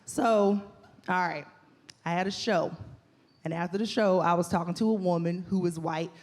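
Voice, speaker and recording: A woman's voice: fairly low pitch, moderate pace. A woman doing a stand-up comedy set in a club, telling stories animatedly and acting out the people in them. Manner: animated storytelling with acted-out quotes. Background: audience laughter.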